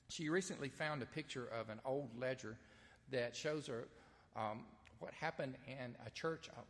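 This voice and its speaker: A man preaching a sermon to a nearly empty church, speaking in a conversational, earnest way with hesitant restarts. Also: mid-range voice. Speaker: pastor. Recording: long church reverb.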